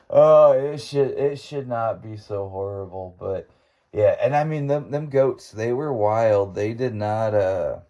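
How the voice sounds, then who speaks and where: A man's voice: on the low side, takes it slowly, dark tone, lo-fi sound. A man hosting a podcast, telling a story in an impromptu monologue, rambling along and laughing as he goes. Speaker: podcast host.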